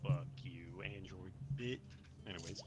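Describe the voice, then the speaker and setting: A young man with a fairly low voice plays lawyer in a game. He argues in a mock-formal, joking way for his friends. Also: a little slow, loud music behind the voice. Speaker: player. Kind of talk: mock courtroom argument in a game.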